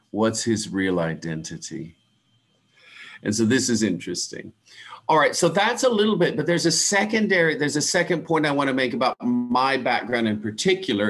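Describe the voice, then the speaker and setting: A middle-aged man with a softened Midwestern American accent, teaching English pronunciation in an online class, speaking slowly and deliberately and spelling out words. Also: mid-range voice. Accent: American Midwest, softened by years abroad.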